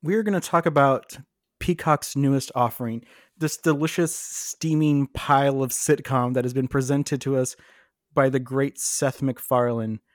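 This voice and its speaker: A man's voice: medium pitch, fairly even intonation, a little slow, no room sound, clean studio sound. A man co-hosting a podcast in casual chat, joking and sarcastic. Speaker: podcast co-host.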